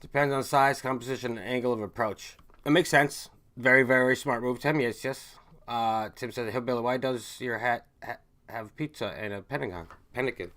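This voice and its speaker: A man with a mid-range, slightly bright voice hosts a casual stream at a moderate pace, rambling and swearing as he reads viewer chat and drifts between stories. He often trails off and restarts mid-thought.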